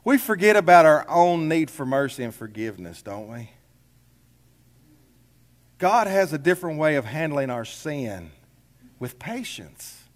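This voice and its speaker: Folksy high-voiced male pastor preaching. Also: in a large hall. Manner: folksy, conversational preaching with rhetorical questions. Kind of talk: sermon. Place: church sanctuary.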